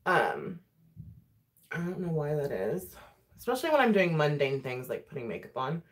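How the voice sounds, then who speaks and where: A woman's voice: deep voice, big pitch swings, moderate pace. A woman vlogger chatting casually while doing her makeup, talking freely, laughing often and swearing. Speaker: beauty vlogger.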